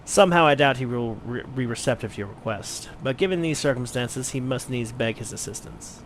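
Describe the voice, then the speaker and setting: Blind retired mercenary wine merchant, read by a man, measured, courteous, wordy, mid pitch. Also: lively intonation, noisy background, close to an everyday voice. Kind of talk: let's play voice acting.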